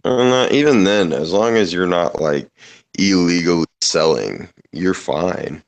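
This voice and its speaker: A man's voice: sits low, animated, unhurried. A man in casual chat on a voice call, telling rambling, profane stories and laughing often. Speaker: podcast host.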